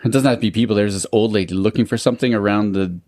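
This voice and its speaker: A man co-hosting a relaxed podcast, his voice sitting a bit low. He rambles through stories, swears freely and keeps laughing at himself. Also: very fast, no echo, clean studio sound. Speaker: podcast co-host. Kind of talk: casual chat.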